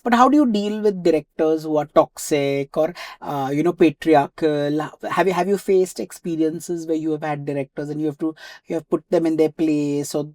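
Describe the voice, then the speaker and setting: A man's voice: on the high side, moderate pace, a little mellow, no room sound. A man interviewing an actress, asking long, probing questions with fillers. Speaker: interviewer, magazine editor.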